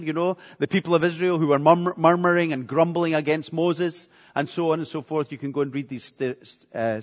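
A man preaching a sermon with earnestness, repeating phrases for emphasis. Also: fairly high pitch. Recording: echoey hall, dull lo-fi sound.

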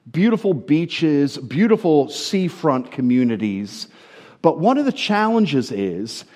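A middle-aged American man from New Jersey with an American accent, reading scripture and preaching a sermon in an expressive storytelling manner. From New Jersey, USA. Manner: expressive storytelling delivery, lively swings of pitch.

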